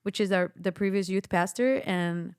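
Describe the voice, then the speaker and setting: A young woman tells a heartfelt personal story, her voice rising high whenever she acts out what someone said. Her pitch sits mid-range for a woman. The recording is close and dry, with no room sound. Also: normal speed, a little mellow, clean tone, dry recording. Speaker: podcast guest. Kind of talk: emotional personal testimony.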